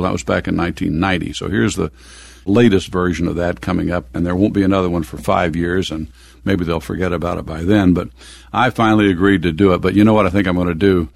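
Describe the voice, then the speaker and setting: A man's voice: sits low, creaky, no echo. An older man from the American Midwest telling stories from his youth in an oral history interview, chuckling now and then.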